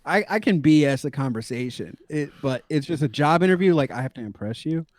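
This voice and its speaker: A man from Florida with a fairly high voice chats on a comedy podcast, easygoing and laughing often. He builds on his co-host's jokes, and the recording is dry and close. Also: lively intonation, brisk, a little mellow, no room sound. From Florida, United States. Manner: laid-back, laughs often, riffs on the other man's jokes. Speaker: podcast co-host. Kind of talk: casual comedic chat.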